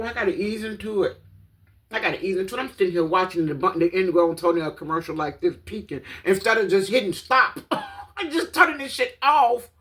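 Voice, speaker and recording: A woman, telling a casual, animated story in a vlog from her apartment, swearing, laughing and exclaiming dramatically. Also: lowish voice. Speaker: vlogger.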